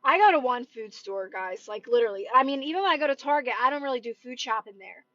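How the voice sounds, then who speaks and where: A woman's voice: sits high, expressive, fast, a bit bright, no echo. A woman who coaches manifestation, chatting casually with livestream viewers in a rambling way, full of "like" and "right?". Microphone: phone livestream. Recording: dull, dry phone livestream audio.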